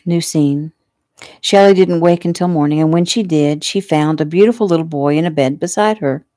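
A woman casually reading her own novel aloud at home, relaxed and unhurried. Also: deep voice, dry recording. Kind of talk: casual audiobook narration.

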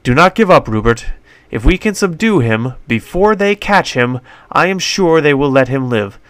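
A man's voice: a little high, animated, moderate pace, fairly bright tone, no room sound, voice pushed up. A man voicing a prim, fussy doctor-inventor in a put-on British accent, talking formally and pleading earnestly. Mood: urging.

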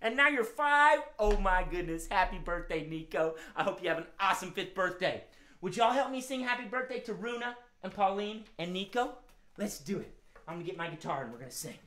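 A woman's voice: medium pitch, expressive, brisk. Upbeat woman hosting a kids' stream. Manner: warm, upbeat, talks to children directly. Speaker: children's musician and show host. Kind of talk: live-streamed kids' show.

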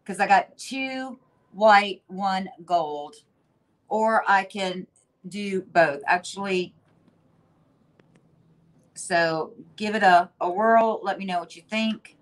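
Slow-talking woman hosting a painting stream. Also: mid-range voice. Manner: chatty, thinks aloud while working. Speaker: host. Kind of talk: casual demo narration.

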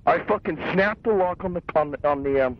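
A man's voice: a little high, fairly quick, no echo. A young man ranting in a casual conversation, agitated, boastful and full of profanity. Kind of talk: casual phone-style conversation. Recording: muffled lo-fi cassette tape.

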